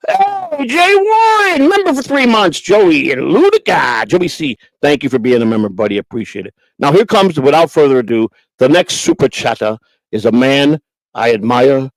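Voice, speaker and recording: A man's voice: medium pitch, sing-song, normal speed, no echo, rough recording. A man hosting a livestream, reading super chats in crude, grumbling, teasing casual chat. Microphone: homemade desk mic.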